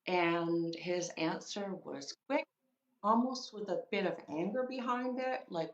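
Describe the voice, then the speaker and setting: A woman's voice: medium pitch, animated, a little slow, reverberant, muffled recording. A woman recounting a personal story in an interview, with many fillers and quoted dialogue. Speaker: guest.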